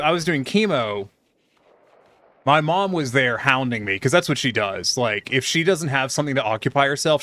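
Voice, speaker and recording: A man's voice: medium pitch, fairly bright tone. Swearing middle-aged man ranting on stream. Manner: chatty, talks to viewers. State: undergoing chemo. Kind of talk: casual gaming stream chat.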